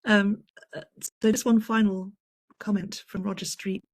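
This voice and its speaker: A workshop moderator on a video call, relaxed, reading questions from the chat. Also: medium pitch, a little slow, no room sound, rough recording. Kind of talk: moderating online Q&A.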